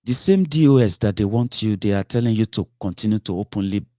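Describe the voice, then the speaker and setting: A man's voice: lowish voice, animated, fast talker, dark tone, no echo, clean studio sound. A man giving impassioned political commentary, breaking into exasperated outbursts, repeating himself and restarting his sentences. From Nigeria.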